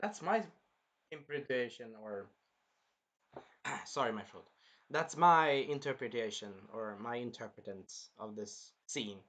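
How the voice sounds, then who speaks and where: A man hosting a casual anime review, rambling and animated, swearing freely as he recaps an episode. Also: medium pitch, measured pace, long pauses. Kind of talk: casual chat.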